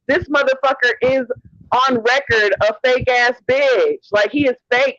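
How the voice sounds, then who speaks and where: A man's voice: very high voice, fairly bright tone, no room sound. A man hosting a livestream, delivering a heated rant in a sassy, profane way and calling people honey. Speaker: livestream host. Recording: dull lo-fi stream audio.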